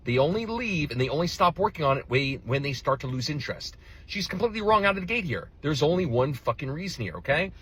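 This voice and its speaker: A man's voice: on the high side, sing-song, quick pace, fairly bright tone, breathy edge. A male relationship coach reacting to another video in a blunt, heated, profane rant. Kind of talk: reaction commentary.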